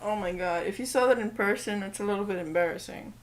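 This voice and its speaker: A woman's voice: mid-range voice, fast talker. A woman co-hosting a podcast in casual chat, teasing and amused. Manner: teasing and amused, laughs often. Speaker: podcast co-host.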